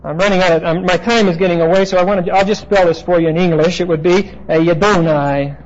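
High-voiced man teaching a Bible lecture. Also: fairly even intonation, slight background noise. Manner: explanatory, halting with frequent "uh" fillers. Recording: dull lo-fi recording.

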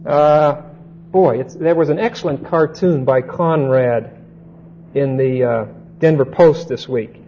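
Man teaching a bible study real slow, keeps asking okay?, mellow tone. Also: mid-range voice, muffled recording, a little hiss or hum. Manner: unhurried, repeats points and checks understanding with "okay?".

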